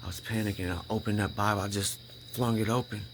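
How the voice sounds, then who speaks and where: A man with a very low voice tells his faith testimony in an earnest, casual way. He stumbles, repeats himself and keeps asking "right?" A faint chirp of crickets sits behind him. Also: fairly even intonation, background noise. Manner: emphatic, repeats himself, keeps checking in with "right?" and "you know?"; halting restarts when emotional. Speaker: vlogger sharing a personal faith testimony.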